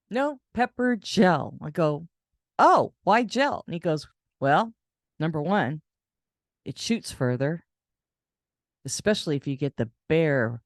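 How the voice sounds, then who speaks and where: Animated low-voiced woman telling a story. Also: no room sound, studio quality. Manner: animated, acts out quoted voices in a higher pitch. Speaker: caregiver and channel host. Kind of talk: casual storytelling vlog.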